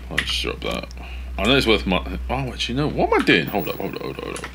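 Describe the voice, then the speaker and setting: A man casually commentating his video game play, swearing often and yelling at in-game companions. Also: low voice. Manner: swears a lot, shouts at teammates. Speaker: gaming streamer.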